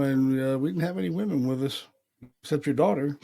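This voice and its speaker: A man's voice: fairly high pitch, fairly quick, vocal fry, dark tone. Podcast guy swapping ghost hunt stories, loose and sweary, acts out the voices. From Pennsylvania, USA. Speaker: podcast co-host, paranormal investigator. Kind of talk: casual chat.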